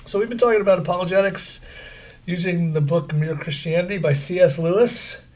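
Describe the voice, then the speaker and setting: A man's voice: high-pitched, steady tone, brisk, darkish tone, slight background noise. A middle-aged man from central Pennsylvania, co-hosting a podcast in a chatty, joking, self-deprecating way. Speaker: podcast co-host. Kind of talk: casual podcast chat.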